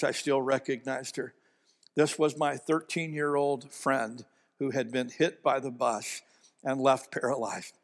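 Pastor, male, from Ohio, slightly high voice, earnest storyteller, long hall reverb. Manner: earnest storytelling that builds to animated, emphatic delivery. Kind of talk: sermon.

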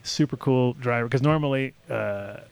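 Middle-aged male co-host, casual, animated storyteller who swears freely. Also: medium pitch, normal speed, vocal fry, crowd noise. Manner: animated storyteller, swears a lot, acts out quoted voices loudly. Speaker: podcast co-host. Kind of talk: casual chat.

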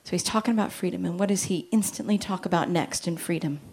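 A woman and parent giving a lively Christian talk on parenting, joking and acting out little quoted voices. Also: lowish voice, fast talker, slightly rough. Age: adult with children. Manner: animated, jokey, acts out quotes.

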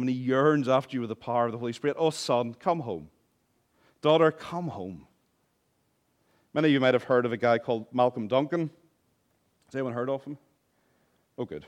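A man preaching a sermon as pastor, passionate, swinging between hushed and loud, with humorous asides. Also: medium pitch.

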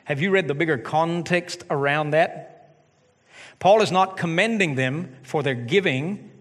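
A middle-aged man preaching a sermon as pastor of his church, animated with joking asides. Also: fairly high pitch, measured pace. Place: church sanctuary. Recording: long hall reverb.

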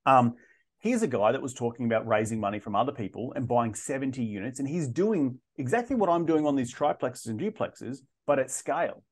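A man talks through his story as a podcast guest, his voice sitting at an ordinary middle pitch. He speaks with animation, often breaking off and repeating words before finding his way forward. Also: animated, fairly quick. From Australia. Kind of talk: casual interview storytelling.

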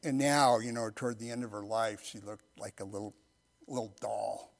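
A middle-aged man, a pastor, telling a personal story in a sermon and then leading a slow, earnest prayer, often dropping to a hushed voice. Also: on the low side, vocal fry. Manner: soft-spoken, intimate storytelling that drops to near-whispers.

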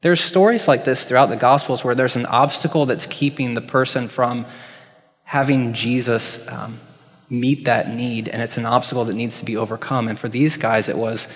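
A man preaching a sermon as pastor, conversational and reflective, pausing with ums. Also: mid-range voice, fairly even intonation. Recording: hall with long reverb.

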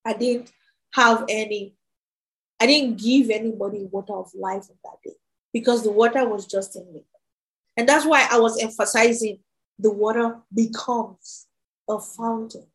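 A woman's voice: on the high side, normal speed, rough recording. A young woman preaching and sharing her testimony in an earnest, emphatic way, often repeating her phrases. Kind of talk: testimony sermon.

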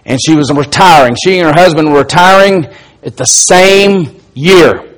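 A man's voice: on the high side, a little slow, poor audio. A man with an Alabama accent preaching a sermon as pastor, telling stories with strong emphasis.

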